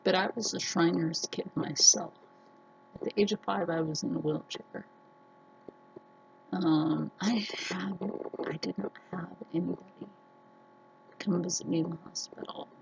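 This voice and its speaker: A woman vlogger talking earnestly to her viewers, telling personal stories slowly with many restarts. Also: lowish voice, fairly even intonation, gravelly, muffled recording, slight background noise. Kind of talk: casual personal talk to camera.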